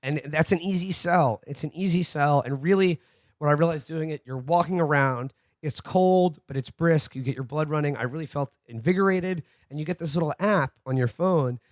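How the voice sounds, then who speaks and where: A man's voice: fairly high pitch, normal speed, dry recording, clean studio sound. A man on a podcast, rambling through casual anecdotes and acting out what people said. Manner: rambling anecdotes with acted-out quotes. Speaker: podcast co-host. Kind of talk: casual chat, storytelling.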